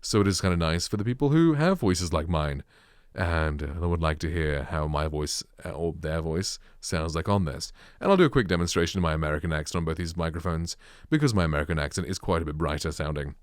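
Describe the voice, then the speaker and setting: A British man with a dark, bassy voice reviewing microphones in a casual vlog, rambling with lots of "like" and fillers. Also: fairly quick, smooth, no room sound, studio quality. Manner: rambling, filler-heavy, full of "like". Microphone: close studio microphone.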